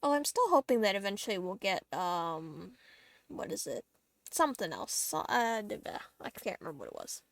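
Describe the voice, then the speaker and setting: A woman's voice: medium pitch, sing-song, moderate pace, gravelly, fairly bright tone, no room sound. A woman streaming a game, chatting casually to her viewers, giggly and talkative as she plays. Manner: chatty, giggly, talks to herself and chat while playing. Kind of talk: casual gameplay livestream chat.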